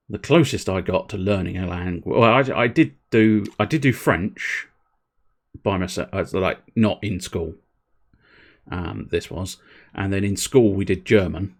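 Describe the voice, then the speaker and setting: A man in his thirties, chatting loosely with his viewers during a game stream. His voice sits a little low, and he rambles, jokes and swears freely as he goes. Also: a little mellow. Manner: rambling, jokey, sweary, talking to chat. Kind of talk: casual live-stream chat while gaming.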